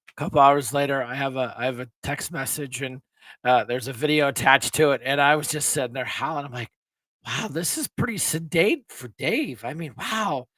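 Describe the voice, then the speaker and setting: A man's voice: on the high side, bright, forceful tone, dry recording. A man hosting a casual live-stream chat, rambling and laughing with many restarts, his throat a little sore. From Pennsylvania. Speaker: show host.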